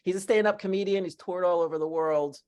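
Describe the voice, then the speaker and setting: A woman hosting a podcast in casual chat, with a dry, deadpan sense of humor. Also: on the low side, fast. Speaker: podcast host.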